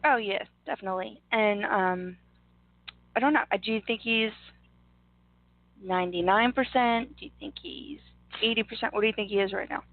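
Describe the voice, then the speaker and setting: A woman's voice: mid-range voice, moderate pace, dry recording. A woman co-hosting a casual chat, chiming in with short, agreeable remarks and questions. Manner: brief, agreeable interjections. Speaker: co-host. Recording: dry, tinny phone-like line.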